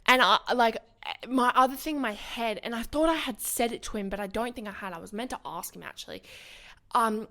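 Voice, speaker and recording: A woman's voice: a little high, a little fast, sharp tone. A young woman co-hosting a podcast, chatting casually, swearing and saying "like" often. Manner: casual, swears, says "like" a lot. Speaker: podcast co-host. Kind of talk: casual chat.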